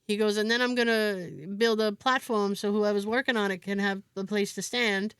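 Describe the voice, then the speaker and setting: A woman's voice: medium pitch, flat delivery, fairly quick, hardly any pauses, fairly bright tone, smooth, no echo, clean studio sound. A woman co-hosting a podcast, telling a story in casual chat and acting out other people's lines as she goes. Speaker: podcast co-host.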